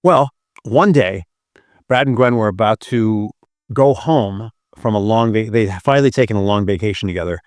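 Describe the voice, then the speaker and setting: A man's voice: lowish voice, normal speed, no room sound, clean studio sound. A man hosting a relationship podcast, teaching through a retold story in an earnest, emphatic way.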